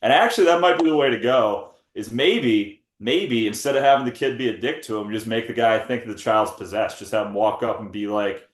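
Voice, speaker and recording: A man's voice: mid-range voice, a little fast, hardly any pauses, reverberant. A man co-hosting a podcast in casual chat, rambling and joking with plenty of swearing. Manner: rambling, jokey, swears freely. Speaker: podcast co-host.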